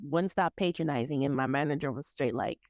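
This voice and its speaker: A woman's voice: sits low, a little fast, no echo. A woman co-hosting a podcast, telling stories in casual chat and acting out what people said. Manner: animated storytelling with acted-out quotes and laughs. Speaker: podcast co-host.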